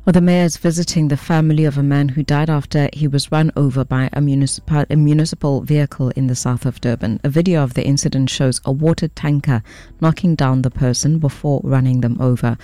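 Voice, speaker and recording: A man reading a radio news bulletin in a measured, formal way. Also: on the high side, fairly even intonation, warm tone, no echo. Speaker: news anchor.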